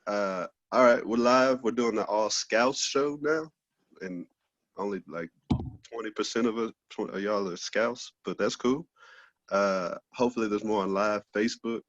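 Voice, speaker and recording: A man's voice: fairly low pitch, normal speed, fairly bright tone, no echo, muffled recording. A man doing a loose, profane stand-up set over a video call, laughing at his own jokes. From Texas, USA. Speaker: stand-up comedian.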